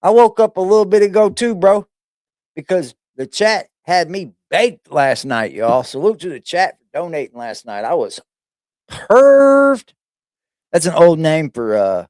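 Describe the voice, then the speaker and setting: A man's voice: a little high, dry recording, clean studio sound. Profane, rambling man streamer. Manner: loose, profane, rambling with slang. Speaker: reaction streamer. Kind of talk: casual reaction commentary.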